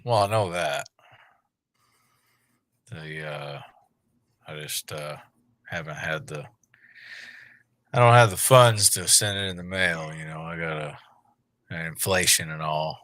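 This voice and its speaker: A man bantering and joking in a relaxed way on a livestream. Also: very deep voice, slow pace, pauses often, no echo. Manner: joking, teasing, rambling.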